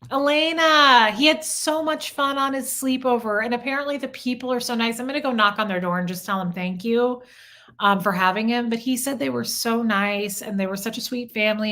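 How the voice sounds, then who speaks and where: A woman's voice: a little high, brisk, fairly bright tone. A woman from Omaha hosting a casual livestream, reading viewer comments aloud and answering them in a candid, confessional way, swearing freely. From Omaha, United States. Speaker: livestream host.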